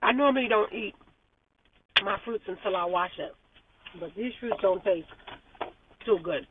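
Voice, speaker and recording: A woman's voice: mid-range voice, unhurried, distant mic, background noise. A woman chatting animatedly on a car vlog, repeating herself and laughing often. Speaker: vlogger. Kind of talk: casual car vlog chat. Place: car in traffic. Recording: tinny phone-like sound from off mic.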